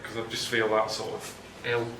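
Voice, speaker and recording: A man giving grumbling, deadpan travel commentary outdoors, moaning and complaining as he goes. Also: mid-range voice, normal speed, noisy background. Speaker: traveling presenter.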